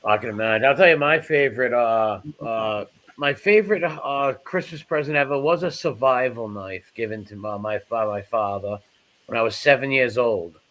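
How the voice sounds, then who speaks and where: A man's voice: medium pitch, moderate pace, fairly bright tone. A man chatting casually on a home show, telling long stories that wander. He stops and restarts often, padding his sentences with fillers, in an ordinary mid-range voice. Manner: rambling storyteller with many fillers and restarts. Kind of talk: casual chat.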